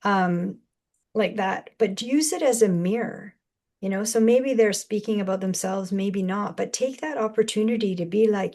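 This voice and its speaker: A woman's voice: mid-range voice, normal speed. A woman giving spiritual guidance in a casual, rambling way, often acting out quoted inner voices. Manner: rambling, animated, acts out quoted voices with laughs. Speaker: spiritual channeler guest.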